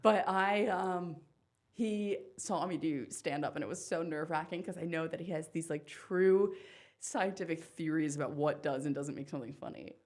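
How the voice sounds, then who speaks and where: Woman from Pennsylvania, comic guest; lower pitch, quick self-deprecating wit, casual. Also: darkish tone. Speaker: guest comedian. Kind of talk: casual podcast chat.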